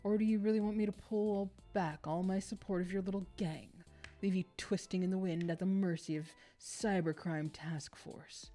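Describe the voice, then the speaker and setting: A woman's voice: mid-range voice, fairly even intonation, normal speed, mellow, faint music behind, natural voice. A woman reading the lines of a domineering, passive-aggressive middle-aged father aloud from a game. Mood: condescending. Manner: lecturing, condescending.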